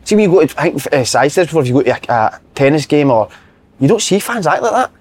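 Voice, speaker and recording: A man with a Scottish accent hosting a casual football podcast and telling stories in a quick, animated way. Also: fairly high pitch. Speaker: podcast host.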